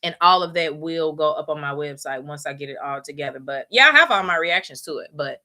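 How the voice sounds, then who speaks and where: Brief: woman host, bright voice, blunt profane rant. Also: low-pitched, a little fast. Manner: blunt, profane, emphatic ranting. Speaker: podcast host. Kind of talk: casual chat.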